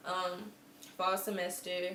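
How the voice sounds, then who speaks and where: A woman's voice: on the low side, flat delivery, slow, a bit bright. A woman in her twenties telling a personal story to camera in a chatty, earnest way. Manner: chatty and earnest, with quoted asides. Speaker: vlogger. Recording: echoey room with faint background hum.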